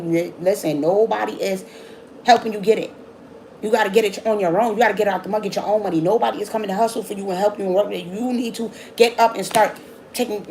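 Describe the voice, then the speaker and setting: Woman tarot reader, quick, blunt and scolding, swears and repeats lines, faint hum behind. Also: on the high side, a little mellow, low-quality recording. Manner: repeats herself, quick restarts. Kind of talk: casual tarot reading.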